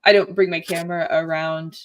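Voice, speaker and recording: A woman's voice: fairly low pitch, flat delivery, a little fast. A woman chatting casually as a podcast guest, upbeat and full of fillers, living in Florida. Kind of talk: casual chat.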